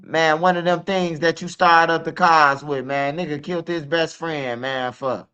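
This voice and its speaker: A man's voice: fairly high pitch, steady tone, moderate pace, sharp tone, clear, resonant tone. Streetwise man with muffled stream sound. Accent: Chicago. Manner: streetwise, profane, lots of "man" and "bro" fillers. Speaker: guest telling his story. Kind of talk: casual storytelling.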